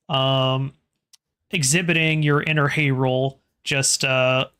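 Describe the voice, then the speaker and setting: A man serving as game master, narrating a tabletop horror game in a relaxed, conversational way, pausing to check his notes and ask the players what they do. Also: fairly high pitch.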